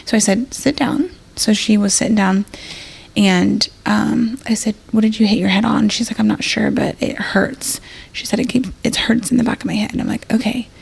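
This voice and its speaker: A woman with a gravelly, husky voice tells a personal story as a podcast guest. She rambles casually, full of fillers, and acts out what everyone said in the moment. The feel is an emergency nurse talking things through. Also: mid-range voice, steady tone, normal speed.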